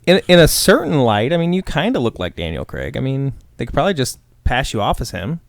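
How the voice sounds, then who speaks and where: An American podcast co-host whose voice swings widely up and down in pitch. He teases the others in casual chat, and the recording is dry and close. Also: big pitch swings, a little fast, gravelly, no room sound.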